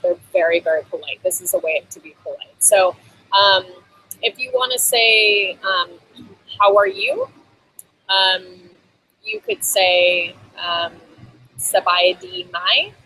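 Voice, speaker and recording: A woman hosts a relaxed on-camera lesson, talking in a chatty way with plenty of ums and small laughs. Her pitch sits mid-range for a woman but swings up and down a lot. A faint background noise stays under her voice. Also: low-quality recording. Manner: chatty, frequent ums, laughs between phrases. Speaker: host teaching basic Thai phrases. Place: Bangkok.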